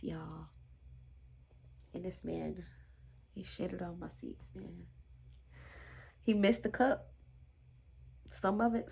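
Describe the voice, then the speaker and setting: A young woman vlogger telling a casual story straight to her viewers, slangy and exasperated, dropping to hushed whispers for emphasis. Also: a little high, gravelly, breathy edge. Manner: animated, dramatic, drops to hushed whispers for emphasis.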